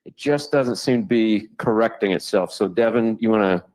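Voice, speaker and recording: A man presenting a fuel update at a company meeting in a relaxed, jokey way. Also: on the low side, moderate pace, poor audio. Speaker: fuel manager. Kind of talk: casual presenting.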